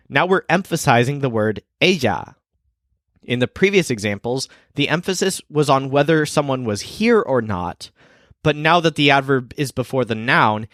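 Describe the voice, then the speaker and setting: Lively man teaching, dry close sound. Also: mid-range voice, no room sound. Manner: explains clearly, slows down for example sentences. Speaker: language teacher. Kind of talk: scripted teaching narration.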